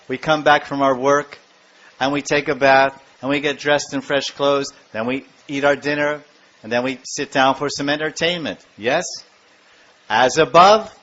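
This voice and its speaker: A man giving a devotional lecture, telling stories in an animated way and acting out the scenes. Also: fairly high pitch, slight background noise. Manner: animated storytelling, acts out scenes. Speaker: spiritual lecturer. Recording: dull lo-fi lecture recording.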